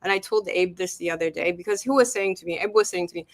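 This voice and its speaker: A woman's voice: lowish voice, fast talker, no echo. A woman talking on a livestream in a casual chat, rambling and interrupting herself as she gets heated. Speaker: guest on a livestream talk.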